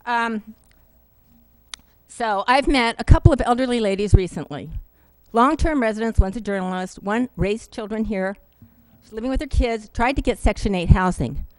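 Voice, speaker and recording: A woman giving an earnest, emotional public comment at a city council meeting, halting now and then with fillers, into a podium microphone. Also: on the high side, dry recording, low-quality recording.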